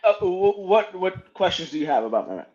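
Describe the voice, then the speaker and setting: A man's voice: sits high, sing-song, fairly quick, highs cut off, over a noisy crowd. A man, a wrestler guest on a podcast, trash-talking in a playful, mock-boastful way. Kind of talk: casual podcast chat.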